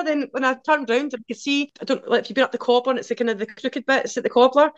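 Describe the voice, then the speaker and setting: Glaswegian woman, 40s, podcast guest, rattles off chatty anecdotes at speed, voice sits a bit high. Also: dry recording, dull audio. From Scotland. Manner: lively and chatty, quick run-on anecdotes. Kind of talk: casual storytelling.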